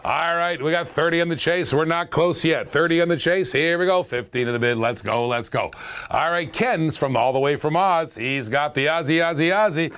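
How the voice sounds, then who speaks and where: A man with a slightly high voice runs a live auction on a stream. He talks in a jokey, chatty way, laughs a lot, and keeps repeating the current bid. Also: moderate pace, a bit bright, clear, resonant tone.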